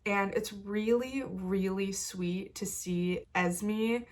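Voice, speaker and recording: A woman's voice: medium pitch, fairly even intonation, slow pace, a little mellow. A woman vlogger who is sick, chatting through a casual book recap with lots of fillers and emotional investment. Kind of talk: casual reading vlog recap.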